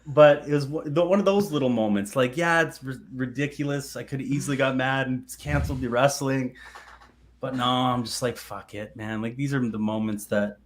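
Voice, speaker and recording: A man's voice: medium pitch, a little fast. A man in his thirties hosting a podcast, telling stories in a casual chat, swearing freely and laughing as he goes. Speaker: podcast host.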